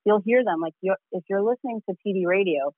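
A woman's voice: mid-range voice, fast, breathy edge, no room sound, narrow, tinny audio. A woman from Queens, a paramedic guest on a casual podcast, chatty and full of "like" and "you know". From Queens, New York.

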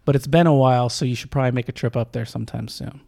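A man's voice: medium pitch, fairly even intonation, rapid-fire, gravelly, dark tone. A man hosting a podcast, reading listener questions in a chatty, upbeat way. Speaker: podcast host. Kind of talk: casual podcast chat.

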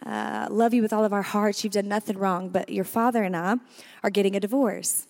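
A woman voicing her mother as a gentle parent breaking hard news to her children, in a soft, reassuring way. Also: medium pitch, steady tone, brisk, vocal fry, in a large hall, lightly acted. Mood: tender.

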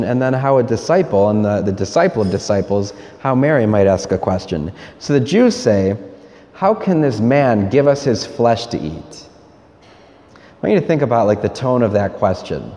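A man, a priest, giving a homily in a university church in an earnest, plain-spoken, deliberate way. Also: fairly low pitch, mellow. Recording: reverberant church hall.

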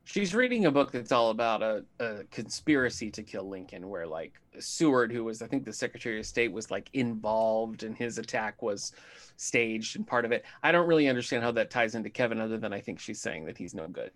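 A man's voice: lowish voice, expressive, fairly quick. Easygoing man with dry humor. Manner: easygoing, dry humor, many "like" and "yep" fillers. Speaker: podcast co-host recapping a TV episode. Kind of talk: casual chat.

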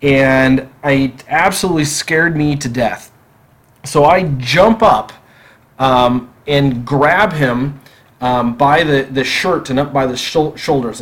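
A man telling a personal story on a podcast in a casual, animated way, acting out the dialogue. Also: mid-range voice. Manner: animated, acts out quoted dialogue.

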